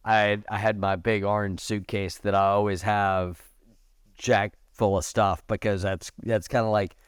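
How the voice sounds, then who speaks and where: A middle-aged man appears as a podcast guest, chatting casually and animatedly at a measured pace. He tells stories and acts out other people's lines in a raised pitch, and the recording is dry with a clean tone.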